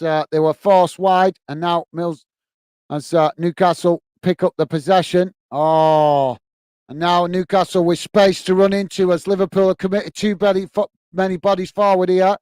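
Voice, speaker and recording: A man's voice: sits high, darkish tone, smooth, dry recording. Chatty British man giving live match commentary. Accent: British English. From England. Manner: calls "mate" often, blunt and chatty, gets openly irritated.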